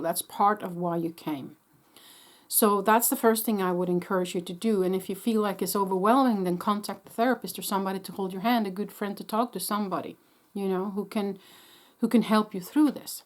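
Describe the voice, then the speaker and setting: A woman psychic medium giving a gentle, reassuring spiritual talk, pausing and restarting often while sucking a lozenge. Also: medium pitch, fairly even intonation. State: sucking a lozenge after coughing.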